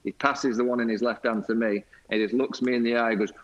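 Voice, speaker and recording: A man, a guest on a video call, telling a lively anecdote with laughter and quoted voices. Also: medium pitch, fast talker, muffled recording. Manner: lively storyteller, laughs often, mimics teammates. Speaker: former cricket captain guest. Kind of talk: anecdotal storytelling.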